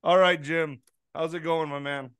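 A man's voice: a little high, steady tone, moderate pace, fairly bright tone, clear, resonant tone, no room sound. A male host chatting casually and jokingly, with lots of fillers and restarts. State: groggy, slurring a little in the morning. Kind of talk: casual interview chat.

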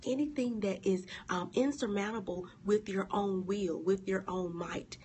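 A woman's voice: measured pace, darkish tone. A woman hosting a devotional livestream, preaching with emphatic repetition and reading viewers' comments aloud. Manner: preachy, emphatic, repeats key words, big pitch swings. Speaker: blog host.

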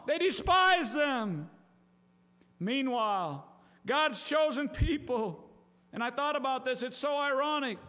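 Impassioned high-voiced man preaching. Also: in a large hall. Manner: impassioned, rising to shouts. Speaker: pastor. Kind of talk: sermon. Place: church.

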